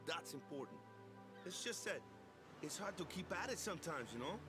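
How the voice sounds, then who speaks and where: A man's voice: a little high, lively intonation, normal speed, natural voice. Wakka, a man voicing a laid-back island captain. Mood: musing. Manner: laid-back, slangy, friendly. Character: easygoing young male island athlete. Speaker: coach and team captain. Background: game music.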